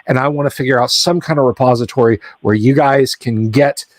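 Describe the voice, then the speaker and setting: A man's voice: medium pitch, steady tone, brisk, dry recording. Man, middle-aged, stream host, casual chat, rambling, fillers and restarts, dry close sound.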